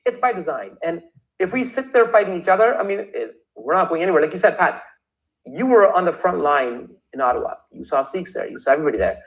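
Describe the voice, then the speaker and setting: A man from Canada, a lawyer talking as a podcast guest, animated and acting out the voices he quotes, often restarting his sentences. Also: on the high side, fast, creaky, poor audio. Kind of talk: podcast interview conversation.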